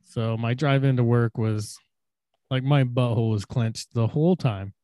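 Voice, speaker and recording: A man's voice: mid-range voice, normal speed, no room sound, studio quality. Profane young man telling a crude story. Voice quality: loose and profane, acts out shouted quotes. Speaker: podcast co-host.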